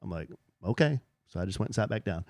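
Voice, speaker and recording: A middle-aged man co-hosting a podcast, telling a story in casual chat and jumping up high whenever he quotes someone. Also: racing, dry recording, clean studio sound. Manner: animated, jumps high when quoting people. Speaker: podcast co-host.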